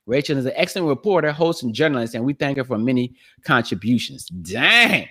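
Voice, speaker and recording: A man's voice: medium pitch, animated, fast, hardly any pauses, pushed and bright. Slangy, laughing man on a solo podcast. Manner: loose, slangy, repeats phrases, laughs often. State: losing his voice. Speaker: podcast host. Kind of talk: casual solo podcast commentary.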